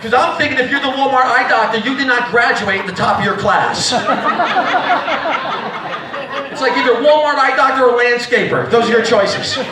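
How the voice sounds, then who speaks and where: A man's voice: extremely high pitch, reverberant, far from the mic, background noise. A man doing live stand-up comedy, acting out characters, with audience laughter. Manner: rowdy, acts out voices, audience laughs throughout.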